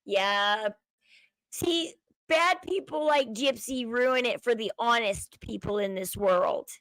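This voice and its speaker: Chatty Southern woman, gravelly edge. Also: fairly high pitch, slow pace, a bit bright, no echo, poor audio. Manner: chatty, sensitive, valley-girl talk. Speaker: livestream host. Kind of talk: casual livestream chat.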